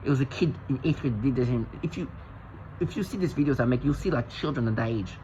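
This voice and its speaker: A man's voice: mid-range voice, quick pace, dark tone, muffled recording, slight background noise. A man vlogging in an agitated, intense monologue, often restarting and repeating himself. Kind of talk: rambling monologue to camera.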